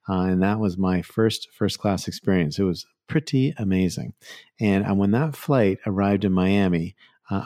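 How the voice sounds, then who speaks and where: A man's voice: on the low side, darkish tone, no echo, studio quality. A man in his forties hosting a show, telling a personal travel story in a loose, rambling way with many fillers and restarts. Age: 40s. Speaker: podcast host. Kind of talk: casual storytelling monologue.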